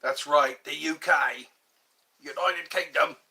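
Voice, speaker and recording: This middle-aged livestream host rambles to young viewers from a tripod-mounted phone, chatting casually and slipping into snippets of song. He speaks slowly in a slightly high, gravelly voice that's pushed and bright, with fairly even intonation.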